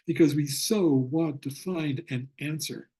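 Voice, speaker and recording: An older man teaching a Buddhist class over a video call, speaking in a reflective way and slowing down to stress his points. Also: fairly high pitch, dark tone, breathy edge. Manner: reflective, slows down for emphasis. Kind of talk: online lecture with storytelling.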